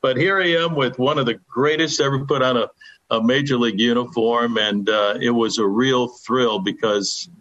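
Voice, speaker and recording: An older male sports broadcaster shares a baseball memory on the radio, his voice medium in pitch, moderately paced, and fairly bright. His storytelling is folksy and reverent, and the sound is slightly muffled, as a radio broadcast would be.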